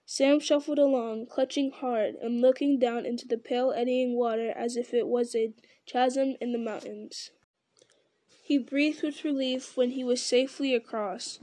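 A woman reading a fantasy novel aloud at a steady pace, with occasional slips and repeated words. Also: on the high side, moderate pace, no room sound. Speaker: reader.

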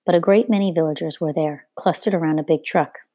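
A woman reading a children's novel aloud at a steady storytelling pace, now and then rereading a slip. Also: low-pitched, a little fast, dry recording. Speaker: reader.

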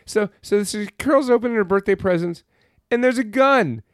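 A man's voice: sits high, animated, normal speed, clean tone, dry recording, clean studio sound. A man co-hosting a podcast, recapping a film in a rambling, exasperated, profane way. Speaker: podcast co-host. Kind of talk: casual film review chat.

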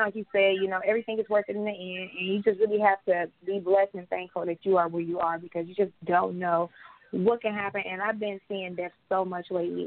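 A pregnant woman co-hosts a casual podcast, launching into an animated story and swearing freely. Her voice sits mid-range and comes through a narrow, tinny phone-like line. The sound is dry, with no room around it. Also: medium pitch, no echo. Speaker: podcast co-host. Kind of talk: casual chat.

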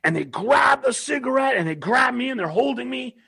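High, gravelly man telling a story. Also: fairly quick. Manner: animated, laughs often, shouts when quoting himself. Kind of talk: casual storytelling.

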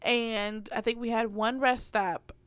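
Clear-voiced woman telling a story on a podcast. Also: on the high side, steady tone, measured pace, fairly bright tone, no echo. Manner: storytelling, blunt, swearing. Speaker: podcast co-host. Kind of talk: casual chat.

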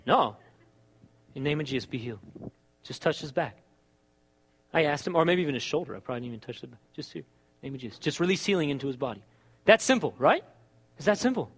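A man preaching a sermon as a pastor, telling stories with lively acted-out dialogue. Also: on the high side, quick pace, long pauses, husky, long reverb tail. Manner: animated storytelling, acts out dialogue.

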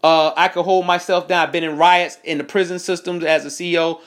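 A man angrily recounting a confrontation in a profane, animated first-person story with quoted dialogue. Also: fairly high pitch, fairly quick. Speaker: veteran recounting an incident. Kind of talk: angry first-person account to camera.

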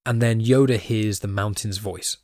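A casual, chatty man with a lowish voice talks through a story recap with a self-deprecating manner. The recording is dry and close, with no room sound. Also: fairly even intonation, normal speed, a little mellow, dry recording. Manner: chatty, self-deprecating, reads quoted lines aloud in his own voice. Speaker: podcast host. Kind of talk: casual comic recap podcast.

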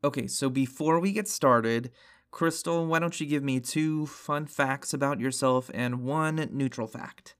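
A woman's voice: rumbling low, a little slow. A woman co-hosting a podcast, teasing her co-host playfully in casual chat.

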